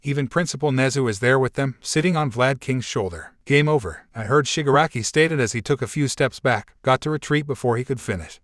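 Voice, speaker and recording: A man's voice: medium pitch, no echo. Man reading fan fiction, dry close mic. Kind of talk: first-person story narration.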